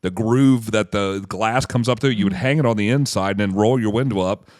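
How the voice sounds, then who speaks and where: A man's voice: fairly low pitch, a little fast, a little mellow, no room sound, clean studio sound. A man in his forties co-hosting a casual podcast, telling rambling stories and laughing at himself. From United States. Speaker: podcast co-host.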